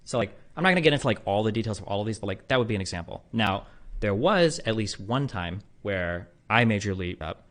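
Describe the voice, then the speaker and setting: Guy streamer ranting fast, kinda low voice, lots of likes and ums, swears a bunch. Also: animated, a bit bright. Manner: rambling, filler-heavy, blunt and profane. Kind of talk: casual monologue to a livestream audience.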